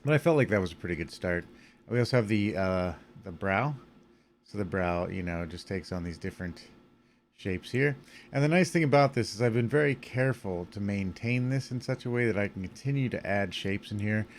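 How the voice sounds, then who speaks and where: A man's voice: on the low side, expressive, fairly quick, a little hiss or hum. A tired man casually walking through his animation puppet rig with many fillers, yawning now and then. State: sleepy. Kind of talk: casual screen-recorded tutorial.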